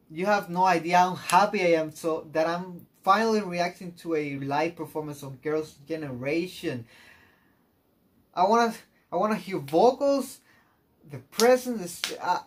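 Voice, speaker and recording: A man chatting to the camera as a music video reactor, gushing like an excited fan. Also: high voice, measured pace. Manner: chatty, gushing fan talk full of "oh my gosh". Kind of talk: casual reaction chat.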